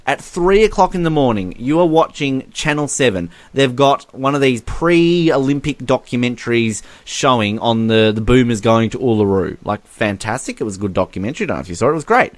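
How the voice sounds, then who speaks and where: A man's voice: mid-range voice, lively intonation, fairly quick, hardly any pauses, no echo. An Australian man co-hosting a sports podcast, ranting in casual chat with bursts of laughter. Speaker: podcast co-host.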